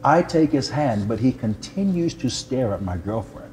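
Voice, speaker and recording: An older man, a pastor, telling a personal testimony in an animated, humorous way and poking fun at himself. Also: medium pitch, normal speed, slight background noise. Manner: animated, humorous, self-deprecating storyteller.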